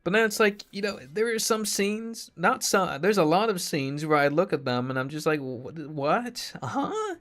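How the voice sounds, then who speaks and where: A man's voice: high-pitched, normal speed, hardly any pauses, fairly bright tone. Sarcastic swearing man ranting casually. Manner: sarcastic, swears freely, laughs often. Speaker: streamer. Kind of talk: casual rant to stream chat.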